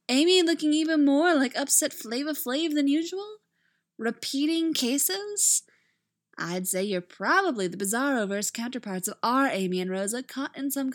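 A woman's voice: sits high, pitched above the performer's own voice. A woman reading fan fiction aloud, voicing a sassy, self-assured young woman assistant with a drawling, know-it-all manner.

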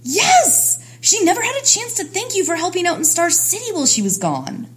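A woman's voice: extremely high pitch, huge pitch swings, normal speed, exaggerated voice. A woman voicing a bubbly, teasing young woman magician in a fan audio drama, chirpy and playful. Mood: excited.

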